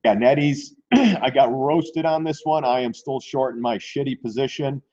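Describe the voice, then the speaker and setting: A man hosting a live stream on stock trading, talking loosely and mocking himself, often clearing his throat. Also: mid-range voice, moderate pace, warm tone, muffled recording. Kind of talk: casual live-stream market commentary.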